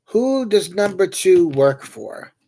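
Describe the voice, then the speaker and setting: A man's voice: sits high, sing-song, takes it slowly, mellow. A man hosting a livestream, chatting casually and telling meandering, joking anecdotes. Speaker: livestream host. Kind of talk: casual rambling chat.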